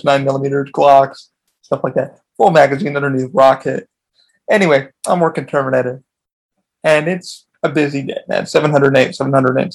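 A man's voice: medium pitch, gravelly. A man hosting his own podcast, telling a long story in a casual, rambling way with lots of swearing. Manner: profane, rambling, frequent restarts. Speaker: podcast host.

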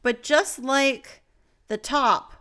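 Young female podcast co-host, bright voice, giggly and rambling. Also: high voice, extremely slow, clean tone. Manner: playful, giggly, drifting off topic. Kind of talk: casual chat.

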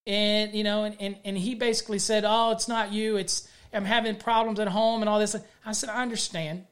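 A middle-aged electrical contractor who hosts a show gives a plainspoken talk on leadership, drawing on stories from his own job sites. His voice sits high and fairly bright with little pitch movement, and he speaks fairly quickly.

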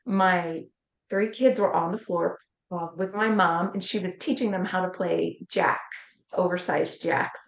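Earnest woman telling a personal story. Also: on the low side. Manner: earnest, vivid retelling that acts out quoted voices. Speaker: interview guest, life coach. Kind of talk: personal storytelling in a podcast interview. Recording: roomy, slightly dull sound.

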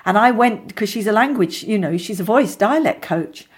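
A middle-aged woman, an actress being interviewed, telling lively anecdotes with many restarts and asides. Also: mid-range voice, normal speed. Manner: chatty, animated storyteller with many restarts.

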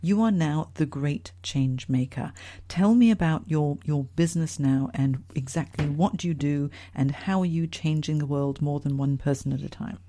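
A woman from Singapore hosting a podcast interview, chatty and expressive. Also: low voice, moderate pace. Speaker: podcast host.

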